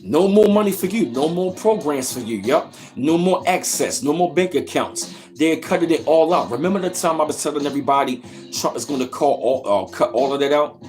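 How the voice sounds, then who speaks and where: A man's voice: a little high, a little fast, darkish tone, faint music behind. A man hosting a reaction channel, ranting in a heated, profane way and repeating himself with "yo". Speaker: commentary channel host.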